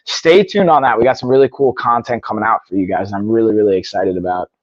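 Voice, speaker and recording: A man's voice: fairly low pitch, fast, dry recording, lo-fi sound. A man hosting a casual live stream, upbeat and chatty, often saying "y'all" and muttering to himself between bits. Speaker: livestream host. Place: home gym.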